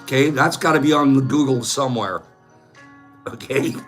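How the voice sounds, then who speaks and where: A man's voice: medium pitch, normal speed, a bit bright, faint music behind. A man hosting a casual livestream, talking loosely and breaking into giggles often. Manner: giggly, keeps breaking into laughter. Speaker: livestream host.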